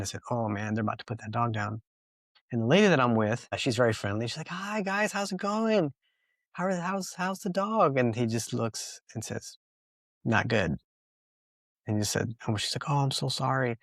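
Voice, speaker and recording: A man in casual podcast talk, telling a long personal story in a sincere, meandering way, full of "you know"s and restarts. His voice sits at an ordinary middle pitch, and the recording is dry and close, with no room sound. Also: no room sound. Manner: earnest, rambling storytelling with many fillers. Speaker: dog trainer and podcast co-host.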